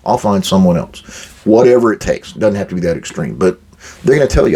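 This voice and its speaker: Older guy giving blunt boss advice, real low husky voice, acts out the back-and-forth. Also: lively intonation, fairly quick, warm tone. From United States. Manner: blunt, direct, plainspoken; acts out quoted exchanges with workers. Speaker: podcast host giving management advice.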